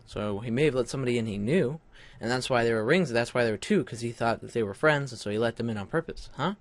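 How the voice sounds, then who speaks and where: A man's voice: mid-range voice, fast talker, no echo, rough recording. Man with a slight lisp, gaming commentary. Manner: hesitant, self-correcting, wry asides. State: slight lisp from a mouth sore. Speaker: let's play host. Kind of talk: casual gameplay commentary, reading game text aloud.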